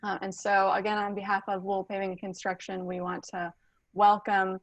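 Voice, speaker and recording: A woman's voice: mid-range voice, completely flat delivery, fairly quick, no room sound, low-quality recording. A woman making an announcement for her company, hesitant and full of filler words. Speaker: company representative. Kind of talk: announcement at online graduation. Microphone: video call.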